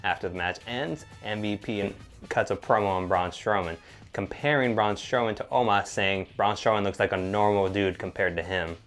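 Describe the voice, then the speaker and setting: Deep-voiced man in a laid-back recap. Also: normal speed, fairly bright tone, soft background music. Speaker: podcast co-host. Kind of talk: casual wrestling recap chat.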